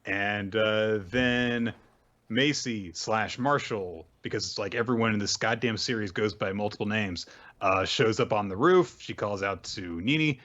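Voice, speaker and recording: A man's voice: on the low side, fairly bright tone. Host, male, laid-back recap with fillers, somewhat dull audio. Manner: loose retelling with many fillers, puts on quick voices for characters. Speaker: podcast host. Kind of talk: casual chat recapping manga.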